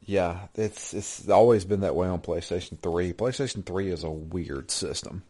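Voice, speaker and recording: Relaxed man with a lowish voice. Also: normal speed, husky. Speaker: podcast co-host. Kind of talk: casual chat about video games.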